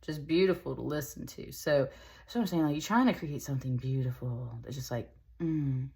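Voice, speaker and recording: A woman's voice: deep voice, expressive, brisk, gravelly, darkish tone. A woman giving a casual tarot reading, chatty and rambling, with lots of fillers. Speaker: tarot reader.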